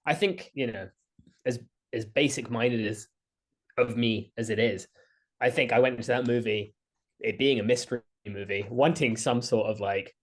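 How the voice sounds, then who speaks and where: A man's voice: medium pitch, moderate pace. A man co-hosting a podcast in casual chat, easygoing and swearing freely as he thinks aloud. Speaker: podcast co-host.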